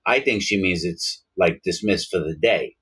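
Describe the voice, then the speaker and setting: Brief: man, talking to camera, lively delivery, voices the people in his stories. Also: low-pitched, moderate pace, breathy edge. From Long Island, New York. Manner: animated, acts out both sides of dialogues. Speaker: former prisoner telling stories. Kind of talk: casual storytelling to camera.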